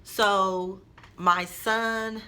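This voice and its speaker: A woman telling a story to her viewers in a casual vlog, chatty and expressive, talking straight to her audience. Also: mid-range voice, drawn-out words, smooth. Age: adult mother. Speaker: vlogger.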